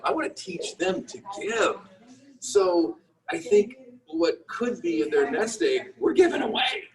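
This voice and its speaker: A middle-aged man, a business owner, telling a candid, self-deprecating story with many halting restarts. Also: high-pitched, very animated, recorded from a distance, crowd noise, poor audio. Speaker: guest entrepreneur.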